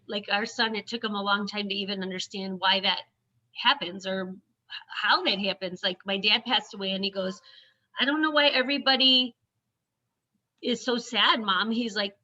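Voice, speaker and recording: A woman and mother talking in an animated, chatty way, often quoting others in quick asides. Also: mid-range voice. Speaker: mother and autism advocate. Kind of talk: casual conversation. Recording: dull lo-fi audio.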